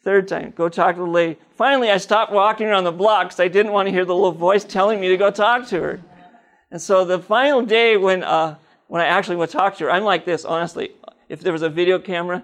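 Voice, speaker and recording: Gravelly high-voiced man telling his testimony. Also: brisk. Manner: animated storytelling, acts out dialogue. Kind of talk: personal testimony.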